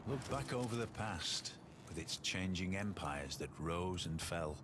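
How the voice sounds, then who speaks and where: A grave, deep game narrator. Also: male voice, lively intonation, a little slow, noisy background. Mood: solemn. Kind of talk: solemn scripted narration.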